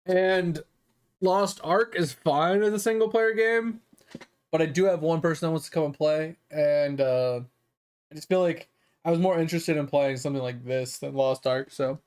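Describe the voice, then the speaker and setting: A fairly high-pitched man with a darkish tone streams a game, speaking at a moderate pace. He rambles in casual chat, using "like" and "um" a lot and cursing occasionally.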